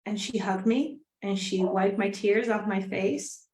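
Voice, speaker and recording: A woman's voice: mid-range voice, unhurried. Earnest middle-aged woman, roomy sound. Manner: earnest, reflective, repeats phrases; drops to a soft, quiet voice at times. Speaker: live stream host. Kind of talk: personal storytelling on a live stream. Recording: roomy echo.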